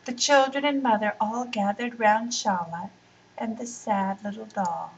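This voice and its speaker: A woman reads a children's story aloud at a very slow, expressive pace. Her voice sounds set back from the microphone. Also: a little high, vocal fry, far from the mic, dull audio. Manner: expressive, unhurried reading.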